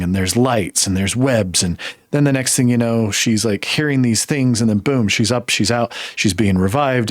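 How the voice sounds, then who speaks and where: A man's voice: fairly low pitch, no echo. Exasperated male podcast host, dry sound. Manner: emphatic, exasperated, laughing often. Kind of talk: casual film review chat.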